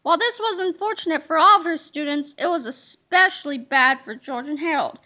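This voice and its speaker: A woman reading a children's chapter book aloud in a playful, expressive way. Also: high voice, fairly quick, hardly any pauses. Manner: expressive, playful storybook delivery. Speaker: reader.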